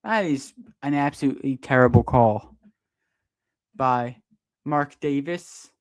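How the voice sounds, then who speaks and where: A man doing live fan play-by-play of a basketball game, partisan and quick to protest the referees' calls. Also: medium pitch. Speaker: sports streamer doing play-by-play.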